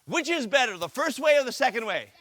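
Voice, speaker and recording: A man's voice: very high-pitched, very animated, quick pace, fairly bright tone. A man giving an upbeat anti-bullying talk at a school assembly, coaching kids through role-play.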